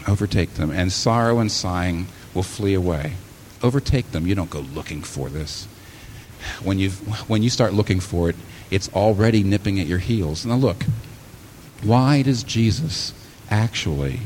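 A man's voice: fairly low pitch, a little mellow, a little hiss or hum. A man preaching a sermon, who acts out imagined listeners and speaks as Jesus, building to exclamations.

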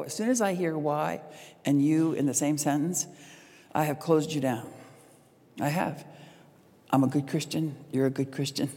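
A middle-aged woman speaking to an audience about relationships, a lively storyteller who acts out the lines she quotes. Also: deep voice, husky. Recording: long hall reverb.

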